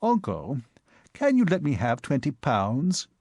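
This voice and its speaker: A man's voice: medium pitch, huge pitch swings, unhurried, a little mellow, husky, dry recording, clean studio sound, full character voice. A man voicing a sheepish, awkward young aristocrat in an audiobook, hesitant and stammering. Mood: earnest. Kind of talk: audiobook character voice.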